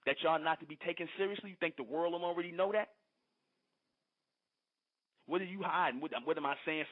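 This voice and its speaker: Heated radio host guy ranting at a caller, kinda high voice, phone-line tinny sound. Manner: combative, scolding, repetitive lecturing. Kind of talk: heated call-in radio rant.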